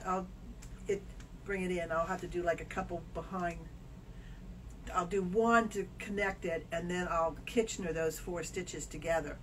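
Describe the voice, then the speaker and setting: A woman's voice: medium pitch, far from the mic, rough recording. Wry Southern woman, a bit off-mic. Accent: Southern American. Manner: dry, joking asides. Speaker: podcast co-host, English teacher. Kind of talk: casual chat while knitting. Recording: a little off-mic, faint noise.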